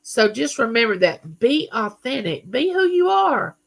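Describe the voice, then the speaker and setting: A woman's voice: on the high side, big pitch swings, a little slow, vocal fry, a bit bright. A middle-aged woman hosting a live chat, greeting viewers and reading their comments aloud. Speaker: livestream host.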